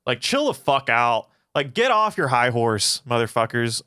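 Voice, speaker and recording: A man's voice: mid-range voice, big pitch swings, normal speed, pushed and bright, clear, resonant tone, no echo, clean studio sound. A man casually answering chat questions on a livestream, swearing often and rambling through his answers. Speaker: philosophy channel streamer.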